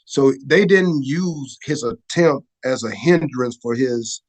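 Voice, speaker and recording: A man's voice: medium pitch, lively intonation, takes it slowly. Conversational man telling a war story. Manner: conversational, repeats "right?" and restarts words. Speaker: podcast guest, former Air Force photographer. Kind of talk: emotional storytelling in an interview.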